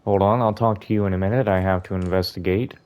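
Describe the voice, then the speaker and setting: A man's voice: low voice, steady tone, quick pace, a little mellow, smooth. A young man giving chatty, rambling commentary while playing a video game. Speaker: gaming YouTuber. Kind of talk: casual let's-play commentary.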